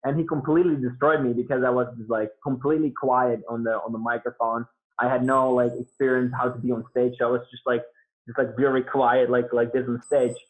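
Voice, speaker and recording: A man of middling pitch speaks as a guest over a remote call. His talk rambles with loose fillers and restarts, and the sound is thin and phone-like. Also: level tone, fairly quick. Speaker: guest beatboxer. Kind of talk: casual interview talk. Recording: tinny phone-like line.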